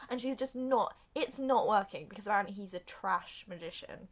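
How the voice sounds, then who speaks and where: A young woman recapping a film plot for comedy, acting out the characters' lines in an animated way. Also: mid-range voice, fairly quick. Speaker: video reviewer.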